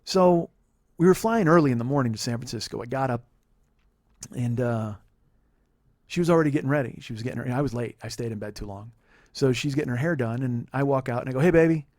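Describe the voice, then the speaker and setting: Fast-talking profane male storyteller. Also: medium pitch, a little mellow, no echo, clean studio sound. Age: 40s. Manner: profane, heated, rambling. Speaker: podcast host. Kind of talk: confessional storytelling monologue.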